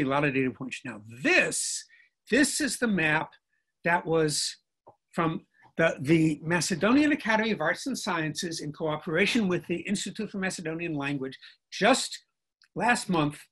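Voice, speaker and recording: Older professor lecturing over a video call. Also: male voice, high voice, a bit bright. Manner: professorial, explains step by step, checks in with "okay?". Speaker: linguistics professor, guest speaker. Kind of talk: lecturing in a virtual conversation.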